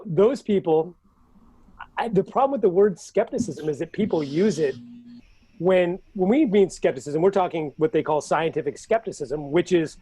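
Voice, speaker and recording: A man's voice: high voice, warm tone, husky, no echo, rough recording. A man comedian on a panel, emphatic and exasperated as he rants. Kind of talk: casual panel chat.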